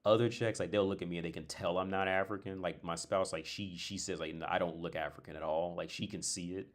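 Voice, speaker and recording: A man's voice: low voice, steady tone, quick pace. A man from North America hosting a casual livestream, telling rambling stories with restarts and blunt, profane asides. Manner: rambling, digressive storytelling with frequent restarts. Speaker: livestream host. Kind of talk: casual chat.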